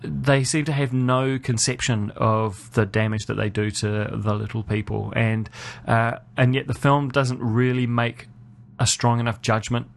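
A New man co-hosts a film podcast. He talks in a loose, opinionated way and often restarts his sentences. His pitch sits in the middle range. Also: little pitch movement, measured pace, vocal fry. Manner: chatty, opinionated, frequent restarts. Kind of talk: casual film review chat.

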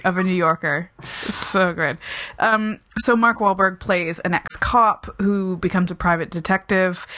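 A woman's voice: lowish voice, fairly bright tone. A woman co-hosting a film review chat, talking frankly and casually with lots of "like" and fillers. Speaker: film review podcast co-host.

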